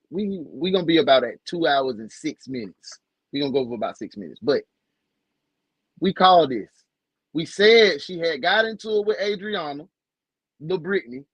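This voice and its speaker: Male reaction host, excitable and slangy, breathy tone, dry close sound. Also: fairly high pitch, no room sound. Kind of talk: casual reaction commentary. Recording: dull lo-fi sound.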